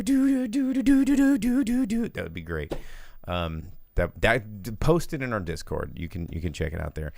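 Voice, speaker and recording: A man's voice: deep voice, gravelly, no echo. A man hosting a casual movie podcast, rambling and sarcastic as he talks through box office numbers. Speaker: podcast host.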